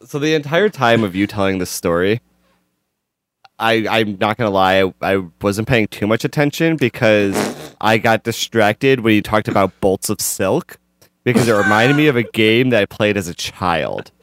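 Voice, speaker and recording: A man hosting a casual podcast, playful and teasing with quick asides. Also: on the low side, expressive, a bit bright. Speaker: podcast host. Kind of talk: casual chat.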